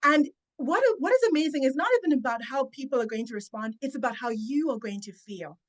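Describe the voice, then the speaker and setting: Female speaking coach, podcast guest; slightly high pitch, deliberate, emphatic delivery. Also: animated. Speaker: confidence and public speaking coach. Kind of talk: guest giving advice in a podcast interview.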